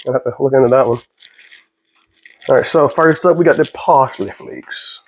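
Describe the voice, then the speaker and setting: A man's voice: mid-range voice, normal speed, breathy edge. Rambling, jokey man cooking at home. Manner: rambling, jokey, easily sidetracked. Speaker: vlogger. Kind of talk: casual cooking vlog. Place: home kitchen.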